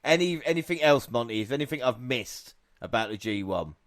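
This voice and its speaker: A man's voice: medium pitch, lively intonation, brisk, no room sound. Man, podcast host, casual banter, laughs a lot, swears, dry close sound.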